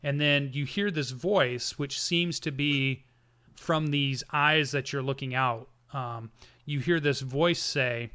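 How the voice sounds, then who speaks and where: A man narrating a tabletop game as game master, halting often with ums and restarts. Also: mid-range voice, bright, forceful tone, clean tone.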